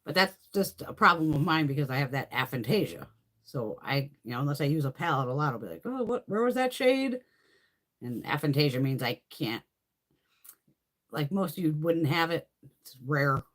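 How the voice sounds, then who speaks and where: A woman's voice: a bass voice, brisk, fairly bright tone. A woman beauty creator chatting casually on a live stream, rambling and swearing freely while answering viewers' comments.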